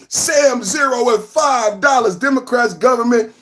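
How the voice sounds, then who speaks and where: A high-pitched man hosts a live podcast. He talks in a loud, animated sing-song, shouting and chanting lines to hype up his viewers. Between the hype he reads news items and adds quick commentary. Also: a little hiss or hum. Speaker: podcast host.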